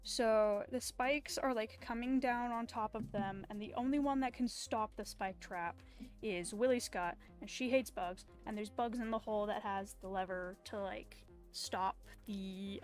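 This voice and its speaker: Woman artist, unhurried, higher voice, rambly chat over faint music. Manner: rambling, tangent-prone, chatty. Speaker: artist streamer. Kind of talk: casual chat while drawing. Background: faint background music.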